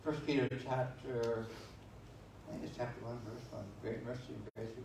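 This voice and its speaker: A man's voice: medium pitch, fairly even intonation, normal speed, gravelly, background noise. A man preaching a sermon as pastor, folksy and conversational, telling stories and reading scripture with many restarts and asides. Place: church sanctuary. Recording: echoey church sanctuary from far off.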